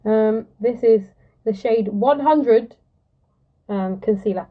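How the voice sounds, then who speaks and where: A chatty, giggly young woman with a fairly high voice, talking straight to her viewers while she does her makeup. The sound is dull and lo-fi, like audio from a phone held close. She keeps it loose and casual, greeting people as they drop in. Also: slow. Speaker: musical theatre performer hosting a live stream. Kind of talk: casual live-stream chat while doing makeup. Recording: lo-fi phone live-stream audio.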